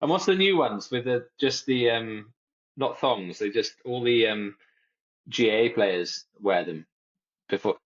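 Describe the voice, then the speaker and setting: A man's voice: mid-range voice, a little slow, dull audio. A man co-hosting a podcast in casual chat, rambling and jokey and mimicking other people's phrases. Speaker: podcast co-host.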